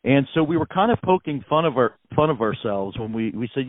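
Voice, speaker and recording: A man's voice: medium pitch, lively intonation, a little fast, dry recording. An American man, a musician, talking in a phone interview in an effusive, gracious way with many fillers. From United States. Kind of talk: phone interview, casual storytelling. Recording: tinny phone line.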